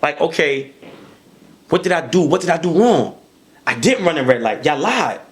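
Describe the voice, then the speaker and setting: Animated, profane high-voiced man. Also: moderate pace. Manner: animated, profane, repeats words when worked up. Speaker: podcast guest. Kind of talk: heated casual conversation.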